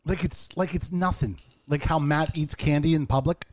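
A man's voice: on the high side, steady tone, moderate pace, darkish tone, slight background noise. A man hosting a casual podcast chat, teasing and swearing. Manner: teasing, profane.

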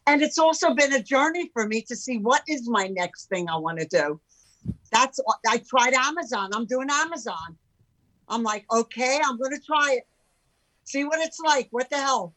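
Animated woman in her sixties. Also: a little high, poor audio. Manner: animated, emphatic, with rhetorical questions. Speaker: entrepreneur guest. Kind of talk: casual chat.

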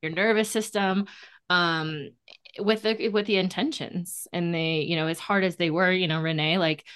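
A woman with a fairly low voice hosts a podcast conversation. She talks loosely and rambles, circling back with fillers and restarts as she goes. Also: steady tone, normal speed, fairly bright tone, clear, resonant tone. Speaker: podcast host. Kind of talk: casual conversational interview.

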